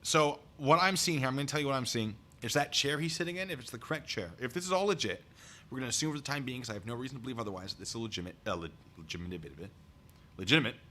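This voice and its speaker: A man's voice: mid-range voice, expressive, rapid-fire, sharp tone, slight background noise. Rambling male live-stream commentator. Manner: rambling, chatty, with asides to viewers. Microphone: desk mic pulled close.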